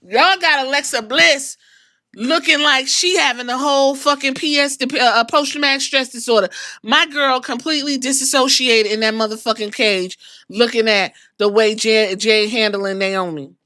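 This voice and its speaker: A woman hosting a podcast, giving an animated, profane, slang-filled recap of a wrestling show in casual storytelling. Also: fairly high pitch, moderate pace, no room sound, studio quality. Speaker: podcast host.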